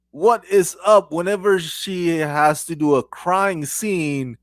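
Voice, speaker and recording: A man's voice: on the high side, takes it slowly, hardly any pauses, no room sound. A man hosting his own channel, reviewing a TV episode in a casual, rambling way, full of restarts. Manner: rambling and animated, with many restarts and bursts of laughter.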